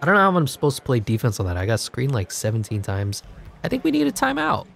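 A man giving jokey, excitable play-by-play over a video game, his voice congested and wearing out, breaking into sudden yells. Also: mid-range voice, fast talker, creaky. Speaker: gaming commentator. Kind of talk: live game commentary.

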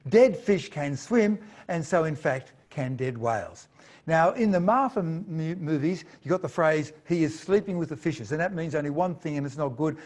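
A man giving a lively live science talk, playful and jokey, telling stories with animation. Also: a little high, moderate pace. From Australia. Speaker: science presenter.

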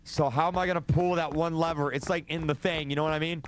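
A man's voice: fairly high pitch, fairly even intonation, quick pace, slight background noise. A young man streaming a horror game, jittery and repeating himself, losing his voice. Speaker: gaming streamer. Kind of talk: live horror game commentary.

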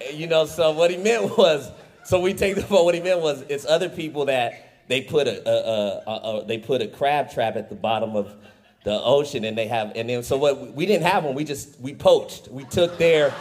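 High-voiced man telling a comic story. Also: a little fast, creaky, a little hiss or hum. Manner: animated, rambling with frequent "you know" and "right?" asides. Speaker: comedian.

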